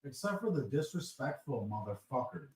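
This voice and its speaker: A man's voice: mid-range voice, big pitch swings, normal speed, darkish tone, breathy edge. A man joining a casual livestream chat, talking bluntly and swearing freely. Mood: angry. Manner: blunt, profane outbursts.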